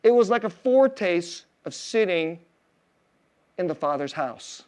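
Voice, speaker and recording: A male pastor preaching a sermon in a casual, storytelling way, full of fillers and soft laughs, dropping to a hushed tender voice on emotional points. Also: high-pitched, expressive, unhurried.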